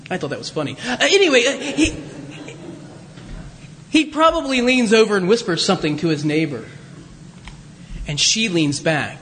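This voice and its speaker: A man's voice: high-pitched, very animated, moderate pace, long pauses, a bit bright, long reverb tail, slight background noise. A man preaching a chatty, conversational sermon as pastor, with folksy asides to his congregation. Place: church sanctuary.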